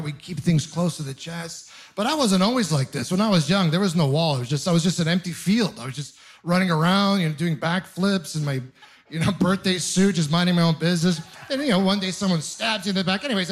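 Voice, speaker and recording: A young adult man doing a stand-up comedy set, telling rambling, self-mocking stories with quick asides and stammering restarts. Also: on the high side.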